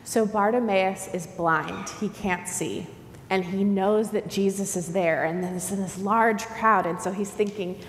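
A woman pastor giving a children's sermon in a church, telling the story with lively voices. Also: moderate pace. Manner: animated storytelling, acts out the crowd's shouting. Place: church sanctuary. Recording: church hall reverb, faint rumble.

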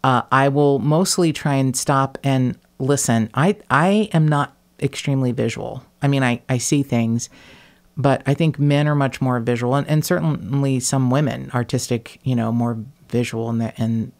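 Female podcast host, gravelly, chatty and self-deprecating. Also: a bass voice, moderate pace. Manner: chatty, self-mocking, swearing. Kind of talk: casual chat.

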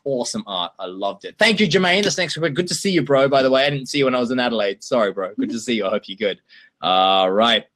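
A man hosting a livestream and answering viewer questions in a chatty, animated way, often laughing. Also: medium pitch, fast. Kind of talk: casual chat.

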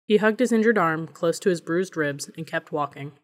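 Low-voiced woman reading an audiobook. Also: moderate pace. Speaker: audiobook narrator. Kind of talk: audiobook narration.

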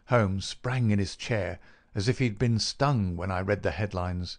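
A man narrating a classic detective story in a measured, even way. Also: on the low side. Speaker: audiobook narrator. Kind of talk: scripted narration.

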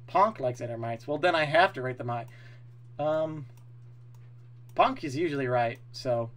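A man streaming live, chatting casually with his viewers, excitable and opinionated, swearing freely as he talks. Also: on the high side.

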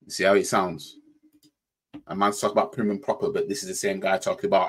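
Yorkshire bloke, reaction host, low husky voice, repeats himself, casual rant. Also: male voice, level tone, quick pace. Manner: repeats "you know what I mean", stammers on restarts; mocking mimicry in quoted voices.

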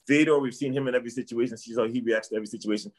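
This middle-aged Canadian man races along in a mid-range voice with fairly even intonation. A martial arts trainer appearing as a guest, he chats casually about sports, wandering off topic, repeating himself, and trailing off with "I don't know."

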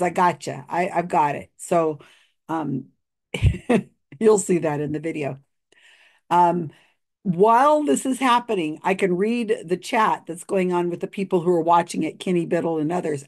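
Chatty, tired woman with a lowish voice. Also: a little mellow. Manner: chatty, with frequent laughs and fillers. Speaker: video host reviewing a psychic reading. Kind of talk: casual spoken commentary.

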